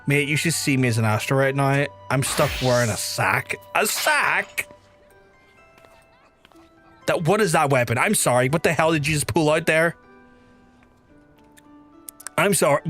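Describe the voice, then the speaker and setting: Male streamer, chatty and excitable, sweary, fairly high voice, faint music underneath. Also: measured pace, long pauses. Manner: excitable, swears often, pitch jumps high when amazed. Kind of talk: casual gaming livestream chat.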